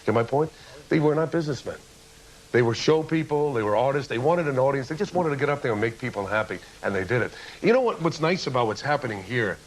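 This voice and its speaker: A man's voice: medium pitch, lively intonation, quick pace, slight background noise, low-quality recording. A man giving an impassioned, lecturing speech as a guest on a television talk show, full of rhetorical questions. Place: TV studio with audience.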